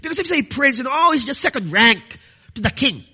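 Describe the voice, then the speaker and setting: A man's voice: very high voice, big pitch swings, quick pace, sharp tone, slightly rough. A man preaching a sermon, earnest and building to emphatic declarations, addressing listeners as dearly beloved.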